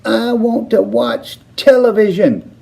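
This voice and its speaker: A man voicing a tiny, bratty shrunken boy with a squeaky, whiny voice in a storybook reading. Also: takes it slowly, creaky, mellow, heavily acted, poor audio. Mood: tantrum.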